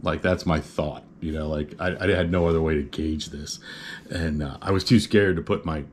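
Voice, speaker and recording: A man with a very low, deep voice tells a story from his own life in a loose, chatty way. He rambles good-naturedly and fills his pauses with "uh" and "you know". Faint background noise sits under his voice. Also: fairly even intonation. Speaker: vlogger telling a personal story. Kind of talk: casual storytelling.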